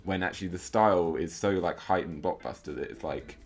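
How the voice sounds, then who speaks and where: A man's voice: sits low, brisk, vocal fry, soft background music. A man co-hosting a casual film commentary, analytical and thinking aloud with plenty of filler words.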